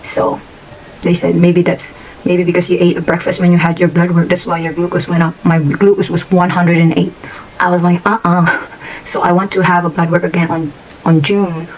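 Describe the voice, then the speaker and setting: A hoarse middle-aged woman vlogging in casual, rambling chat, restarting her sentences often. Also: on the low side, flat delivery, a little fast, a little mellow, slight background noise, low-quality recording. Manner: rambling and candid, with frequent restarts.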